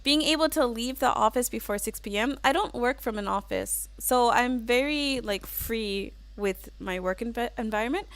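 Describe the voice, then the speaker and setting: A woman's voice: on the high side, moderate pace, few pauses, a bit bright. A woman hosting a casual livestream, chatting and giggling as she reads out viewer comments with plenty of "like" and "um.". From United States. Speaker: livestream host.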